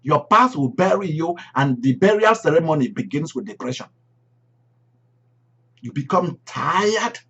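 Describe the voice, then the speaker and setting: Man preacher, emphatic sermon voice, repeats phrases, husky, raised pitch, dull lo-fi recording. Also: sing-song, a little slow, pauses often. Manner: emphatic, repeats key phrases, swings loud and soft.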